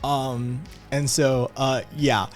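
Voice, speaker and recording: A man narrating a tabletop game as game master, relaxed, with lots of fillers and laughs. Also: medium pitch, extremely slow, faint music behind.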